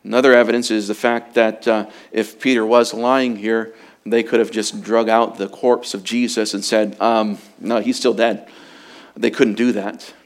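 A man preaching a sermon as pastor, emphatic and urgent, swinging from loud declarations to hushed, quiet passages. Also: on the low side, flat delivery, moderate pace.

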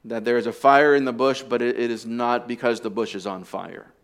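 A pastor preaching a sermon, explaining deliberately and dropping in casual asides to the congregation. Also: male voice, mid-range voice, steady tone. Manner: deliberate teaching with conversational asides.

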